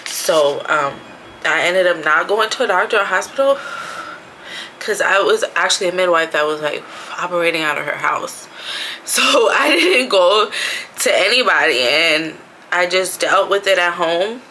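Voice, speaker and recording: Bright-voiced woman chatting casually. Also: on the low side, expressive, normal speed, a little hiss or hum, rough recording. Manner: chatty, frequent fillers "like" and "you know". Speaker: vlogger, expecting mother. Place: bathroom at home.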